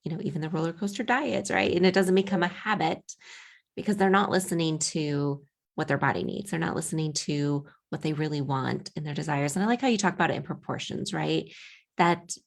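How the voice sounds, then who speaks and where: A woman's voice: deep voice, a little fast, gravelly. A woman host affirming her guest and reflecting back on the points made in a conversational interview.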